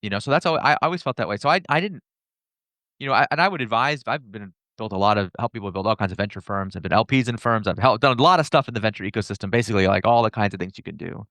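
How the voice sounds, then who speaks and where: This man talks quickly, and his low voice has a gravelly edge. He is a guest in a casual interview, telling animated stories and voicing the people he quotes. The sound is dry and close. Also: no echo. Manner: fast, animated storyteller who acts out quoted dialogue. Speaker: entrepreneur and author, podcast guest.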